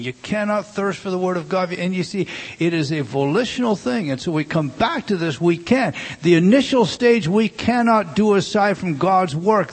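A man preaching a sermon, emphatic and repetitive, swinging from hushed asides to loud declarations. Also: high voice.

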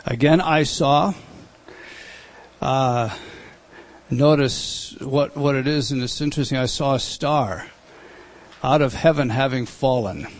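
A middle-aged man teaching a Bible study, speaking slowly and deliberately and repeating words for emphasis. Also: medium pitch.

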